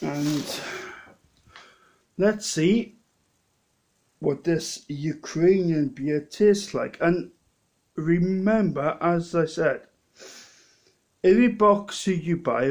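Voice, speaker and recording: A tipsy man with a Welsh accent talks to the camera in a casual tasting vlog. His voice sits a little high, and he speaks slowly. He rambles, trips over his words and starts his sentences again. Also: a little mellow. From Wales. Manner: rambling, halting, with many restarts. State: a bit drunk. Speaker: lay preacher vlogger.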